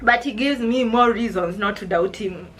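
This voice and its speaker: Young Kenyan woman vlogger, bright high voice, emotional storyteller who keeps repeating herself. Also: moderate pace, low-quality recording. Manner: emotional, addresses viewers as guys, repeats herself. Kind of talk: personal storytelling vlog.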